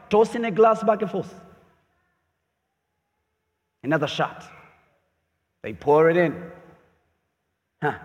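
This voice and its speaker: Man, pastor, sermon, high voice, slow delivery, emphatic questions. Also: highs cut off. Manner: lively preaching, voicing God's questions with rising emphasis. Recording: long hall reverb.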